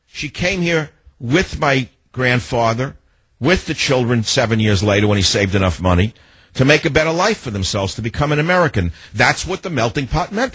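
An older man hosting a call-in radio talk show, combative and ranting, now and then rising to shouts. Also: medium pitch, husky, dry recording, rough recording.

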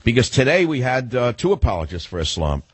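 A man's voice: medium pitch, big pitch swings, a little fast, husky, no echo. An older man hosting a talk radio show, ranting sarcastically with mocking rhetorical questions. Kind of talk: combative talk radio monologue.

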